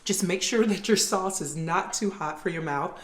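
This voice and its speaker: A woman's voice: lowish voice, moderate pace, reverberant. A woman hosting her own cooking vlog from her kitchen, chatting casually to viewers as she cooks. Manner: chatty, addresses viewers as "you guys". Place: home kitchen.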